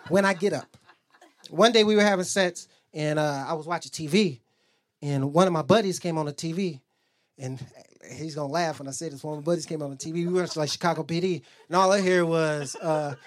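A man's voice: high voice, lively intonation, fairly quick. Brash, profane stand-up comedian man. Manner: brash, profane storytelling with loud character bits. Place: comedy club stage.

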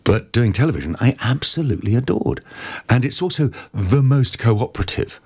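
Animated actor, lively storytelling. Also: male voice, medium pitch, normal speed, slightly rough. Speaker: actor being interviewed. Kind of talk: conversational interview, storytelling.

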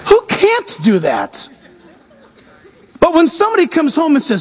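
A man's voice: very high-pitched, wildly swooping pitch, normal speed, gravelly, long pauses. A male pastor preaching a sermon emphatically, mixing humor with scripture. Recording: long echoing reverb of a large hall.

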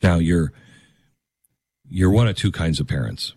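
A man's voice: sits low, unhurried, a little mellow, slightly rough. A male host giving earnest, emphatic commentary on a video.

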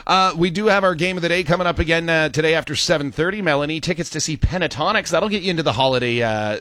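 A man's voice: a little high, fast talker, a bit bright, no room sound. A man co-hosting a morning radio show, chatting casually and reading the weather and promos in a studio. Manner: easygoing, reads weather and promos. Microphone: studio microphone.

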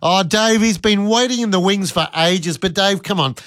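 A man, hosting a radio show and chatting with callers in a jokey, animated way. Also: high voice, normal speed, no room sound, studio quality. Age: 50s. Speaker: radio host. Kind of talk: casual radio chat with callers. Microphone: studio microphone.

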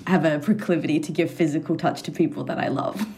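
A woman with a low voice and an Australian accent touched by English vowels chats as a guest on a music podcast. She laughs often and talks in a loose, relaxed way. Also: fast talker, a little hiss or hum. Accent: Australian, slightly anglicised. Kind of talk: casual interview chat.

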